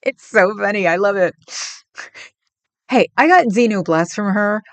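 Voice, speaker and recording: A Bay Area woman with a mid-range voice hosts a casual livestream, unhurried and free of echo. She answers viewers in a chatty, rambling way, laughing often.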